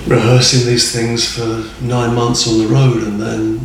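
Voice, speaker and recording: A man chats casually as a podcast guest, rambling enthusiastically and chuckling often. His mid-range voice has little pitch movement and a measured pace. He is far from the mic in an echoey room, with slight background noise.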